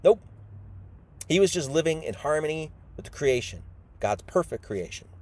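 A man's voice: on the high side, animated, a little fast. Casual, emphatic male preacher. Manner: casual and emphatic, acts out quoted characters. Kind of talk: informal sermon, Bible teaching.

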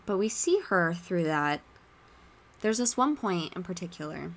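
A woman hosting a podcast, chatting casually and retelling movie scenes with lively asides. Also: fairly low pitch, measured pace. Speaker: podcast host.

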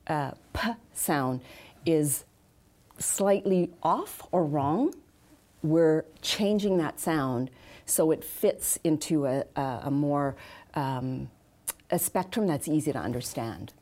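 Low, mellow-voiced woman explaining speech. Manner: measured, practical, many fillers. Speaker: accent and speech specialist. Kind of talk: interview answers, explanatory.

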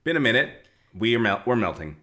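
A man's voice: medium pitch, very animated, fast talker, pushed and bright. A young man co-hosting a podcast in casual chat, rambling and self-deprecating, laughing often. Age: young adult. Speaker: podcast co-host.

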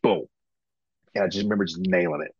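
A man from Georgia, a pro wrestler, telling his story in a relaxed interview, full of ums and acted-out quotes. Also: low-pitched, fast talker, lo-fi sound, slight background noise. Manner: relaxed, chatty, frequent ums, acts out quoted dialogue. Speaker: guest, professional wrestler.

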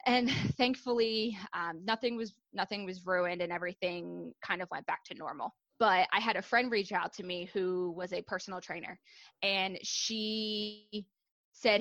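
A woman's voice: mid-range voice, a little slow, a bit bright, no echo. A young adult woman, a fitness coach, telling her story in a casual, candid podcast interview, with many ums and likes.

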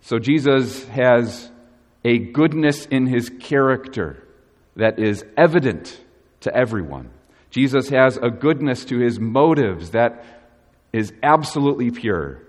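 A man preaching a sermon as pastor, earnest and measured, leaning hard on key words. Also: medium pitch, lively intonation. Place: church. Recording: long reverb of a church hall.

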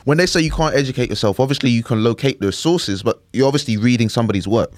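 A man's voice: mid-range voice, quick pace, no room sound. A young man hosts a casual podcast with a mid-range voice, rambling through his points and checking in with his listeners. The sound is close and dry. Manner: chatty, rambling, repeats 'do you know what I mean'. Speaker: podcast host.

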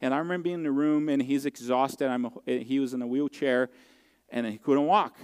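A man preaching a sermon as pastor, telling a personal story in an earnest, heartfelt way with halting restarts. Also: mid-range voice, steady tone, darkish tone, clean tone, in a large hall.

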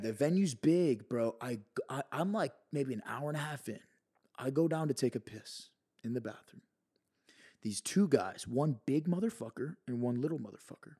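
A man, a podcast guest, telling a story in an animated, excitable way, heavy on swearing and filler words. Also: medium pitch, normal speed, husky. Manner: excitable, profane, peppered with "bro" and "like".

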